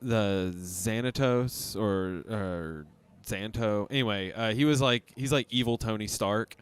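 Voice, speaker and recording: Male podcast host, lowish voice, smooth and resonant, easygoing and hesitant. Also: measured pace, dry recording. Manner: hesitant, with many "uh" and "um" fillers. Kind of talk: casual chat.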